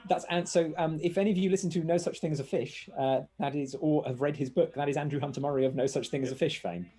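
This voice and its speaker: A man's voice: fairly high pitch, dark tone, slightly rough. A man co-hosting a live rewatch of his old magic show, reading viewer comments and chatting casually. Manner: quick, reads out viewer comments. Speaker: magician co-host.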